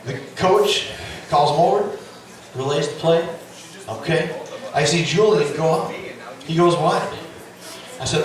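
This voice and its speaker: A middle-aged man doing stand-up storytelling, animated and profane, with loud yelling bursts. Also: fairly high pitch, unhurried, long pauses. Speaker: stand-up comedian. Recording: echoey club, distant mic, audience. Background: audience laughter.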